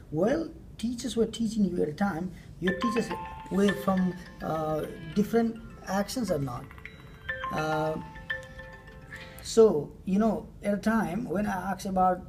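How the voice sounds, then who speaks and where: A woman giving a class presentation of survey results, talking hesitantly with frequent fillers and pauses. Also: on the low side, dark tone. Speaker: student presenter.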